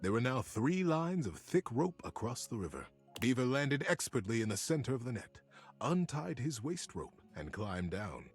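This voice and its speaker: Expressive male storybook narrator, husky tone. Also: medium pitch, normal speed, faint music behind. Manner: expressive, theatrical.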